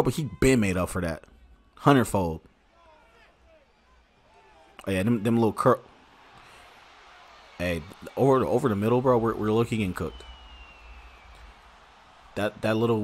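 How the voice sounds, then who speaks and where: A man streaming a football video game, giving excitable, slangy live commentary and talking to his viewers. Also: medium pitch. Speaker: gaming streamer. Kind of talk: casual live gameplay commentary.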